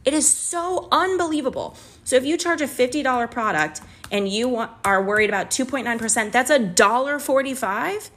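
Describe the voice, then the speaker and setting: A woman's voice: sits high, lively intonation, normal speed, few pauses, fairly bright tone. A woman hosting a business podcast, ranting in a heated, exasperated way and swearing as she talks to her listeners. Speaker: podcast host and business coach. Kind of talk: candid business podcast monologue.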